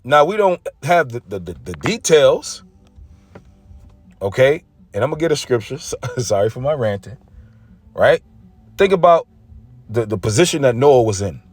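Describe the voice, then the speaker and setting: A man's voice: mid-range voice, very animated, normal speed, pauses often. A man giving an intense, casual religious rant, often stumbling and repeating himself. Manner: intense, repetitive, stumbling over words.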